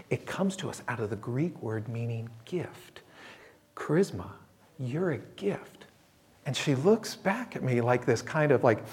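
Conversational pastor preaching a sermon. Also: male voice, mid-range voice, darkish tone. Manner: conversational, storytelling with voiced quotes.

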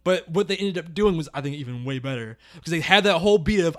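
A man in a casual movie review chat, animated and profane, breaking into loud laughter and acting out characters' lines. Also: a little high, fast, hardly any pauses. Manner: acts out characters' lines in exaggerated voices.

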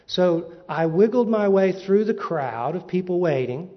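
Man, preacher, humorous storytelling, animated, dull audio, echoing hall. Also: high voice, a little slow. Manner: animated, comic timing. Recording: dull recording in a reverberant hall.

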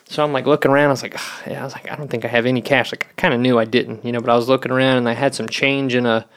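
A man's voice: mid-range voice, steady tone, rapid-fire. Rambling, profane man telling a story. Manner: profane, rambling, lots of "you know". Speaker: podcast co-host. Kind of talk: casual storytelling chat.

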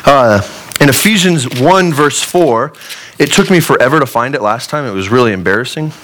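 A man's voice: mid-range voice, lively intonation, normal speed, fairly bright tone, slight background noise, low-quality recording. A male pastor preaching a sermon in a conversational way, with joking asides.

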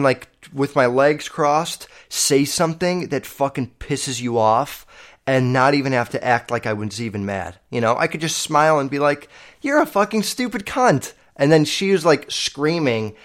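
A man's voice: medium pitch, moderate pace. A man in his twenties hosting a podcast, telling personal stories in a loose, profane, filler-heavy way. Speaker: podcast host. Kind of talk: casual storytelling monologue.

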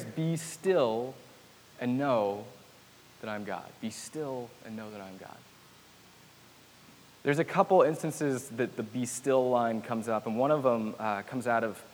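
A man preaching a sermon in a relaxed, chatty way, with self-deprecating asides and humor. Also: mid-range voice. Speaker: pastor. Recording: hall reverb with faint hiss.

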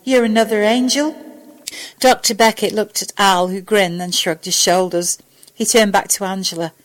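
A woman narrating a fan fiction story in a steady, even way. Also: medium pitch, normal speed, low-quality recording.

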